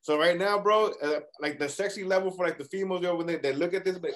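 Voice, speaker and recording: A man's voice: sits high, fast talker, fairly bright tone. Slangy, hyped-up male host. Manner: loose, slangy, hype, mixes in Spanish. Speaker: podcast host. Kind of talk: casual interview chat.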